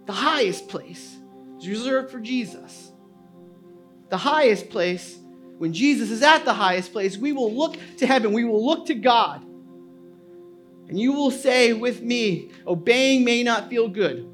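A male pastor preaching a sermon, moving from quiet personal confession to loud, impassioned preaching. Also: very high-pitched, expressive, unhurried, soft background music. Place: church sanctuary.

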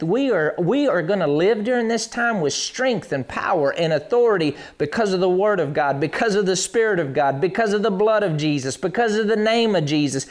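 A man preaching a streamed sermon, animated and acting out Bible scenes in quick voices. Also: sits high.

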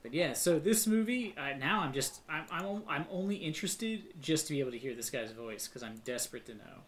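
A podcast co-host in casual chat, rambling and jokey, swinging between loud outbursts and mumbled asides. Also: mid-range voice, animated, brisk.

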